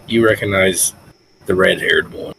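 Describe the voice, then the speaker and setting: A man narrating as game master, relaxed and hesitant, laughing now and then. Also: low-pitched, unhurried, creaky, breathy edge, rough recording.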